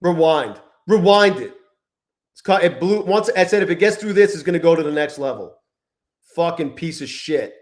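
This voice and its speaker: Profane, high-voiced man yelling at charts. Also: lively intonation, moderate pace. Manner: profane, swings between muttering and shouting at the chart. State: frustrated and angry. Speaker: livestreaming futures trader. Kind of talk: live-stream trading commentary.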